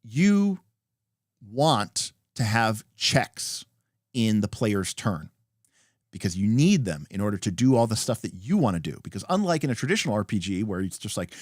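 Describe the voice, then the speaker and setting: A lively man walks through tabletop game rules on a livestream. His pitch swings widely as he acts out bits of example dialogue between lots of fillers. The sound is close and dry. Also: moderate pace, dry recording. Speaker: host explaining game rules. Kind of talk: casual rules explanation on a livestream.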